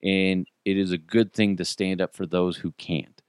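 A man's voice: sits low, flat delivery, no room sound, clean studio sound, pitched below the performer's own voice, close to an everyday voice. A man putting on a solemn Robin Hood. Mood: solemn encouraging. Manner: clear, measured, solemn delivery. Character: Robin Hood, male festival storyteller giving a calm pep talk.

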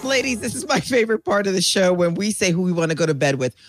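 A woman's voice: fairly low pitch, animated, fast, over music. A woman hosting a podcast in casual chat, playful and gushing, laughing often. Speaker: podcast host.

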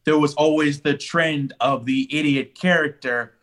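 A man co-hosting a podcast in casual chat, calmly arguing a point. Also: on the high side, unhurried, a crowd in the background. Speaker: podcast co-host.

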